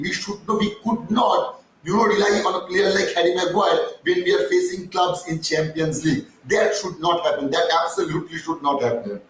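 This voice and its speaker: A high-pitched man hosts a live stream, his voice hoarse and strained. He rambles casually with lots of fillers and restarts as he answers viewers. He sits well back from the mic in a very echoey room with faint background hiss. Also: normal speed, fairly bright tone, recorded from a distance. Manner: chatty, reads viewer comments, many fillers and restarts. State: strained, croaking voice.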